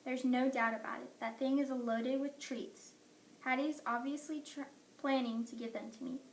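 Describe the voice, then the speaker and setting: A woman's voice: sits high, steady tone, moderate pace, slight background noise. Woman narrating a children's story. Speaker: audiobook narrator. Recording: echoey room, mic at a distance.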